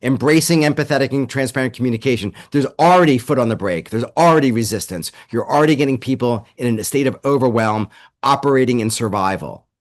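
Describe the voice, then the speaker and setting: A man presenting a webinar to leaders over a video call, talking conversationally and acting out quoted voices. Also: medium pitch.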